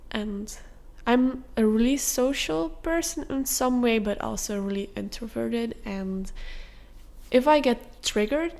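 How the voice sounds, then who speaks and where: A young woman hosting a podcast, telling a personal story in a candid, confessional way with soft fillers. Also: on the high side, takes it slowly, vocal fry. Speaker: podcast host.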